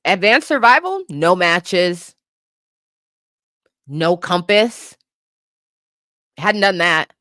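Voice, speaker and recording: A woman co-hosting a podcast, ranting in a profane, animated way and laughing often. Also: lowish voice, very slow, pauses often, no room sound, clean studio sound. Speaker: podcast co-host. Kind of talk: casual comedic commentary.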